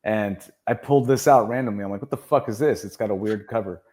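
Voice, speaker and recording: A man co-hosting a podcast, laid-back and casual, chiming in with quick agreement and short stories. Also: lowish voice, darkish tone. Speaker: podcast co-host. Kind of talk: casual chat.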